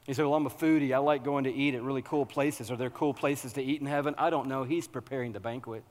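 A man preaching a sermon, animated and humorous, working up to loud, excited preaching. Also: medium pitch, quick pace, in a large hall. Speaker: pastor.

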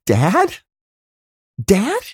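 A man doing a gentle, polite young guy. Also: sits high, huge pitch swings, extremely slow, slightly rough, no echo, studio quality, voice pushed up, heavily acted. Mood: pleading.

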